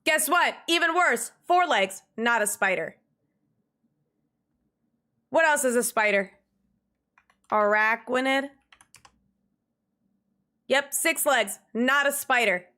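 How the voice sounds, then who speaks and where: A young woman streaming, chatting casually with viewers and ranting in an exasperated, animated way. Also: high-pitched, slow pace, pauses often. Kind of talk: casual livestream chat.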